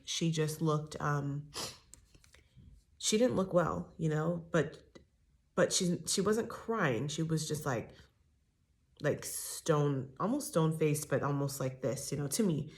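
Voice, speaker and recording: A woman's voice: low voice, darkish tone. A woman giving a casual, opinionated recap of a reality show, talking with many fillers and asides.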